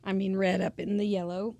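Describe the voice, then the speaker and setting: A woman's voice: medium pitch, vocal fry, dark tone, dry recording. Chatty woman teaching a card craft. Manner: chatty, digressive, laughs often. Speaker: crafting instructor. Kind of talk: casual craft tutorial.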